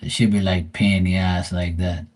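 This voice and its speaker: A man's voice: sits low, little pitch movement, normal speed, darkish tone. Blunt, swearing man telling family stories. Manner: swears freely, teasing and blunt; rambling with many fillers and asides. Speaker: tarot reader and livestream host. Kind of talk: casual storytelling.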